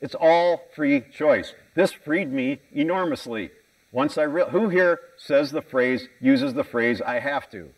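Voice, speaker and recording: A man's voice: on the high side, unhurried, recorded from a distance, poor audio. An American man giving a conference keynote talk, candid and self-mocking, asking the audience questions. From United States. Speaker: conference speaker. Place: conference hall stage.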